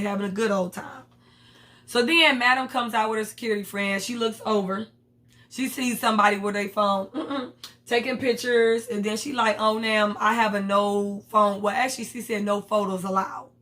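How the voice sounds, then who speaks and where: A woman's voice: mid-range voice, pushed and bright. A woman talking through a TV episode in a loose, casual way. She is blunt, slangy and swears freely. She slips into the characters' lines as she retells the scenes. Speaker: TV episode reviewer.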